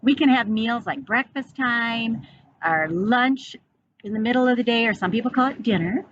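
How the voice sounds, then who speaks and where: A woman teacher reading a picture book aloud to children, pausing to ask them questions. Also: on the high side. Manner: slow, animated, asking children questions. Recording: dull, slightly noisy recording.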